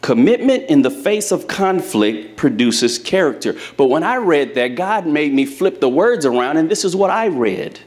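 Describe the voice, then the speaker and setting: Lively, higher-voiced male preacher. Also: moderate pace, hardly any pauses. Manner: lively preaching, addresses congregation directly; folksy storytelling with humor. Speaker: pastor. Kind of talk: sermon. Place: church before a live congregation.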